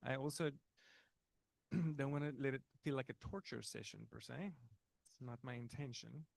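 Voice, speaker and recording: A man's voice: mid-range voice, moderate pace, gravelly, dry recording. Casual, chatty male workshop instructor. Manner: casual and chatty, with filler words and self-interrupting restarts. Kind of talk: live technical workshop talk. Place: conference workshop room.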